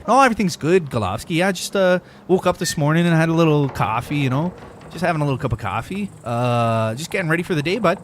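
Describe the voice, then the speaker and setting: A man voicing an exaggerated, friendly Canadian guy with a Canadian accent, chatting in a high, sing-song drawl. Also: animated, quick pace, slight background noise, close to an everyday voice.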